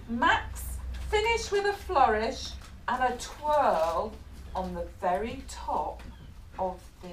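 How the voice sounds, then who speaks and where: A middle-aged woman with an English accent reads a picture book aloud to a group of children, asking them questions as she goes. Her voice sits fairly high and swings widely in pitch. She is recorded from a distance in an echoey room, with background chatter underneath. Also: slight background noise. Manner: animated, asks the children questions. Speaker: storyteller reading to children. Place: bookshop or café event room.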